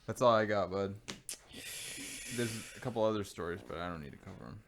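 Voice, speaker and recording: A man with a low voice co-hosts a podcast in loose, casual banter. He is sarcastic and profane, and he slips easily into ranting. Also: a little fast, a bit bright, a little hiss or hum. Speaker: podcast co-host.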